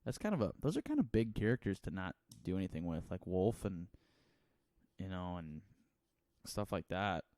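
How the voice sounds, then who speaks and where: Low-voiced man rambling casually on a podcast. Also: sing-song, moderate pace, a little mellow, no echo, studio quality. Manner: rambling, laughs often, slips into mock accents. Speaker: podcast co-host.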